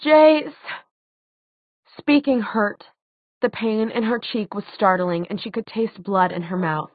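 A woman's voice: mid-range voice, fairly even intonation, unhurried, no room sound. Woman reading an audiobook, phone-like tinny audio, dead dry. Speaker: audiobook narrator. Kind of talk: scripted narration.

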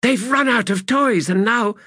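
A man's voice: very high-pitched, measured pace, sharp tone, husky, no room sound, clean studio sound, voice pushed up, exaggerated voice. A man voicing Stalock, an agitated male commander, in a raised and urgent voice above his own. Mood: hissing.

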